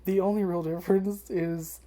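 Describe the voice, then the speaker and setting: A woman's voice: fairly low pitch, steady tone, normal speed, warm tone. A woman vlogger chatting casually about an anime, rambling with lots of fillers and freely swearing. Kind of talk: casual first-impressions chat.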